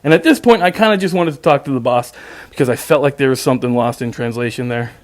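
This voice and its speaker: A man's voice: medium pitch, fast, no echo. Man, sarcastic storyteller, exasperated, swears, stammers, dry sound. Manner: repetitive stammering restarts. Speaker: podcast host. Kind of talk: casual storytelling monologue.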